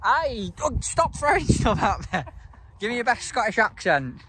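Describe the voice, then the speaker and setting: Lively, teasing man outdoors. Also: high voice, moderate pace. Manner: playful, teasing. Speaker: angling vlog co-host. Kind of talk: casual outdoor banter. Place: outdoors by a lake. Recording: windy outdoor noise.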